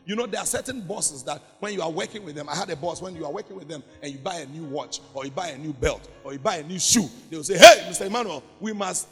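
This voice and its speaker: High-voiced pastor preaching in a hall. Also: male voice, fast, few pauses, faint music behind. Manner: repetitive, emphatic preaching, swelling into chanted prayer. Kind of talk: sermon. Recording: long hall reverb.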